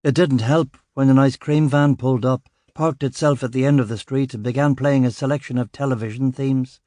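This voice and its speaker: A man's voice: medium pitch, steady tone, brisk, dark tone, dry recording. Dry sardonic male narrator. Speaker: audiobook narrator. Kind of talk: first-person scripted narration.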